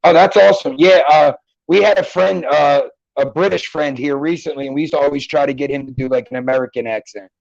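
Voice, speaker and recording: A man's voice: a little high, fairly even intonation, quick pace, creaky, no echo, highs cut off. A man with a Philadelphia accent hosting a casual, profane, joking chat show from home. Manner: jokey, profane, slips into mock accents. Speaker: podcast host. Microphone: computer mic.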